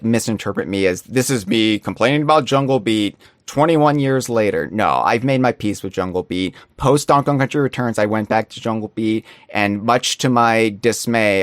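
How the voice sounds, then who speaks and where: A man's voice: lowish voice, dry recording, clean studio sound. Earnest man explaining at length. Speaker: podcast guest. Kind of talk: casual podcast chat.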